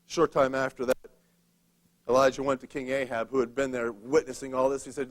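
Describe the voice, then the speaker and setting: A man's voice: mid-range voice, level tone, fairly quick. A male preacher retelling a Bible story in a casual, conversational sermon, with a humorous touch.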